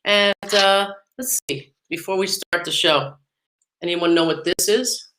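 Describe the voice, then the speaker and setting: A woman's voice: mid-range voice, unhurried, background noise. A middle-aged woman hosting a podcast in an upbeat, chatty way, laughing often. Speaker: podcast host. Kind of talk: casual podcast talk.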